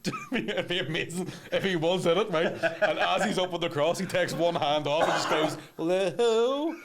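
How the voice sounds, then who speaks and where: A man's voice: on the high side, fairly even intonation, vocal fry, background noise. A man co-hosting a comedy podcast, crude and playful in casual chat. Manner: crude, quick, laughing, playful. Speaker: podcast co-host.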